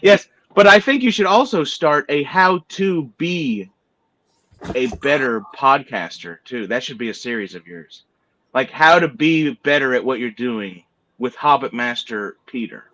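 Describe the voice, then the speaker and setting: A man's voice: medium pitch, lively intonation, unhurried, fairly bright tone, low-quality recording. A man from the southern United States, teasing and joking crudely in casual livestream chat. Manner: joking, teasing, swears freely.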